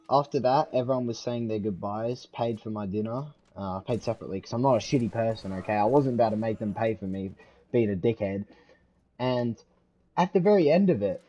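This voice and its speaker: Rambling young man with a husky voice. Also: warm tone. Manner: rambling, swears often, stumbles and repeats words. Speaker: storytelling vlogger. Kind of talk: casual storytelling. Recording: low-quality home mic.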